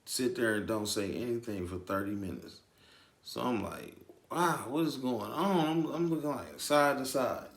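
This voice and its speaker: Man, casual storyteller vlog voice, swears often, lower pitch, reverberant room. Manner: loose, slangy, says "man" often, swears. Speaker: storyteller vlogger.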